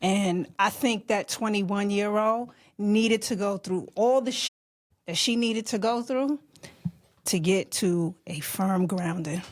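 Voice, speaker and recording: A woman guest on a podcast, reflective, searching for her words with pauses. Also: medium pitch. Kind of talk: casual conversation.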